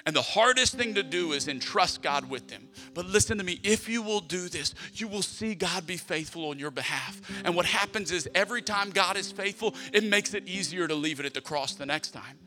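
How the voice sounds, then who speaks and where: A man's voice: high voice, expressive, brisk, hardly any pauses. A middle-aged male pastor preaching a conversational sermon, acting out prayers and family moments as he talks. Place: church sanctuary. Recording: long hall reverb with soft music.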